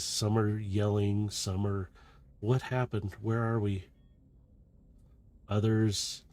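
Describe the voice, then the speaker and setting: A man narrating a tabletop game as game master, slow and descriptive with frequent restarts. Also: lowish voice, a little mellow.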